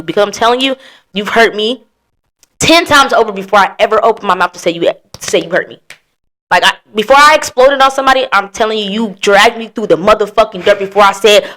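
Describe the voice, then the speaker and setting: A woman's voice: mid-range voice, fast, fairly bright tone. A woman hosting a podcast, telling her story in blunt, profane casual chat. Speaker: podcast host.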